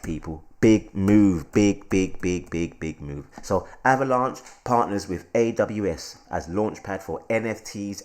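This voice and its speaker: A man hosting his crypto channel, excitable and repetitive, always calling out to his viewers in casual hype commentary. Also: fairly low pitch.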